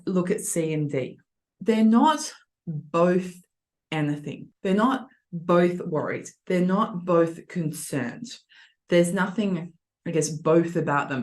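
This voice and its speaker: A woman's voice: fairly low pitch, darkish tone. A young adult woman teacher walking students through reading test answers in a chatty, reassuring way. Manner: chatty, reassuring, acts out example voices. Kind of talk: online tutoring lesson.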